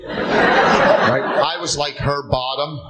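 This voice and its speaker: A man's voice: a little high, fairly even intonation, slow, poor audio. A man doing a stand-up routine on a club stage, firing off short jokes and tagging them with "okay?". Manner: punchy jokes tagged with "okay?" and "right?". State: tired. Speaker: stand-up comedian. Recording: live club show, crowd noise. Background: loud laughing audience.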